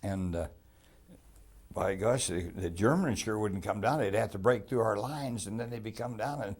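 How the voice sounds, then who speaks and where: An older man with a very low, husky voice tells his war stories in a rambling, folksy way. He talks in plain, homespun grammar, restarts his sentences often and circles back as he remembers. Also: normal speed, darkish tone. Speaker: veteran telling war memories. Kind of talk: oral history interview.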